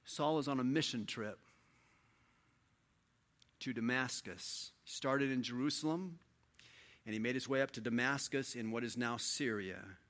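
A male pastor giving a sermon, reading scripture aloud and retelling it in a conversational, animated storytelling manner. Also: mid-range voice, unhurried, long pauses.

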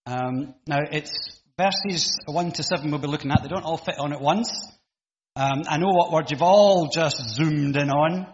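A man's voice: a little high, measured pace. A middle-aged man giving an informal sermon in church, chatty and self-deprecating, with frequent ums and restarts. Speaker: preacher. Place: church hall. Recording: echoey hall, slightly dull sound.

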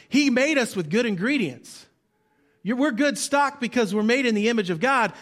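High-voiced animated male preacher. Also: normal speed. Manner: animated preaching, swings between loud emphasis and quiet drops; leads the congregation in call-and-response. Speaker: pastor. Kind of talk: sermon.

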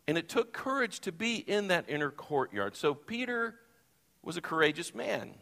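A man preaching a sermon from the pulpit, expressive, acting out the Bible quotes he tells. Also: fairly high pitch, moderate pace. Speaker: pastor. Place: church sanctuary. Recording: long reverb of a church hall.

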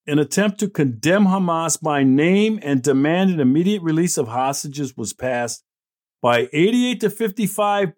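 Middle-aged guy hosting his own commentary show, kinda high-pitched, fired up and sarcastic about the news he's reading. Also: a little mellow. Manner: blunt, indignant, sarcastic. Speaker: host. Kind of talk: opinion commentary.

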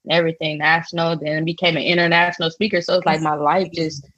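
A woman's voice: low voice, flat delivery, fast, fairly bright tone, no room sound, lo-fi sound. A woman author talking as a guest in a casual interview, speaking candidly and hesitantly with many fillers.

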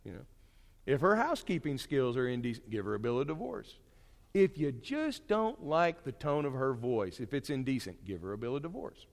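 A man preaching a sermon to his congregation in a conversational, animated way, with homely asides and jokes. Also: medium pitch, moderate pace, in a large hall. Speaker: pastor. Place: church sanctuary.

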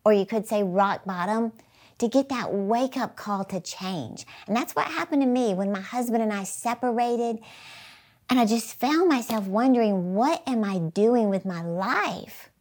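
A woman's voice: fairly high pitch, normal speed, darkish tone. A middle-aged woman preaching an earnest motivational sermon, telling stories with emphasis.

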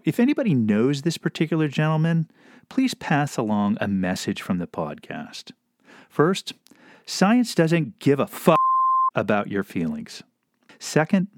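Podcast host guy ranting sarcastically, swears a lot, bouncy lively pitch, dry close mic. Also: no room sound. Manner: sarcastic, profane, animated. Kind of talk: sarcastic political commentary.

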